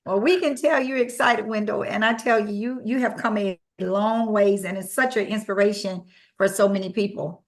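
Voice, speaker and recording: A woman hosting an online sales presentation, upbeat and steady. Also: mid-range voice, moderate pace.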